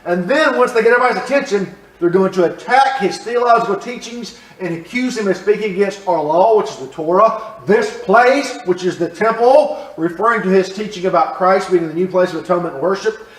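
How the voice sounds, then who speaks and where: Animated male Bible teacher, roomy church. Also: high-pitched, brisk, few pauses. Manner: animated, asks the class questions, repeats phrases. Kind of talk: Bible class teaching with audience questions. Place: church room. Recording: roomy echo, mic at a distance.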